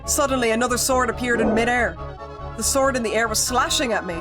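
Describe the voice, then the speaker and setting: A woman's voice: fairly high pitch, fast talker. A woman streamer reads a spooky visual novel aloud, giving the narration plenty of expression and breaking in with joking comments. Game music plays steadily beneath her voice. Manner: expressive reading, joking asides.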